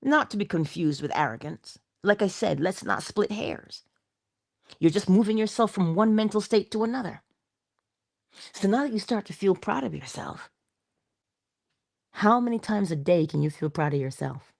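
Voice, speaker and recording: A woman's voice: medium pitch, expressive, moderate pace, gravelly, pauses often, a little mellow. Woman, motivational speaker, playful, conversational, coaching tone, mid-range voice. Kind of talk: inspirational talk.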